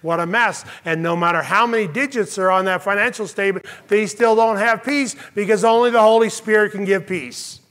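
A man's voice: high voice, a little fast, hardly any pauses, fairly bright tone. A man preaching a sermon as pastor to his congregation, emphatic and stressing each phrase. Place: church sanctuary with congregation.

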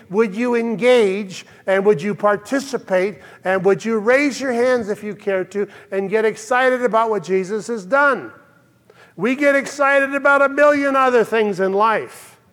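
Older pastor guy preaching, pretty high voice, earnest and punchy, church hall echo trailing off. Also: a bit bright. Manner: earnest, emphatic preaching with rising exclamations. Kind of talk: sermon.

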